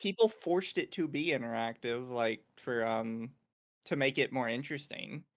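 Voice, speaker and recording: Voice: medium pitch, moderate pace. A podcast co-host talking casually and bluntly, rambling and giving opinions.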